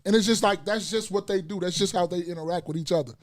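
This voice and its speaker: A man's voice: high-pitched, fast talker. A middle-aged man as a podcast guest in casual chat, blunt and profane, telling stories animatedly.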